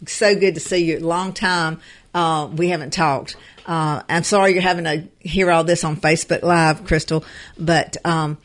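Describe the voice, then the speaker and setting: A woman's voice: low voice, steady tone, normal speed. A woman co-hosting a live show, speaking earnestly with many fillers and restarts. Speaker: show co-host. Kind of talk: casual live show talk.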